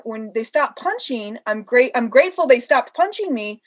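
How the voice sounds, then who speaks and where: A woman's voice: fairly high pitch, animated, a little fast, hardly any pauses. A pregnant woman telling stories in a casual podcast interview, laughing often and acting out the voices of people she quotes. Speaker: interview guest.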